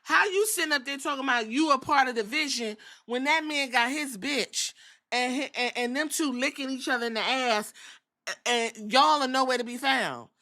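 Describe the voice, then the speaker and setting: A woman's voice: sits high, moderate pace, sharp tone. A woman hosting a podcast, recapping wrestling in a sassy, profane, casual way. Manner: sassy, profane, acts out quotes. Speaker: podcast host.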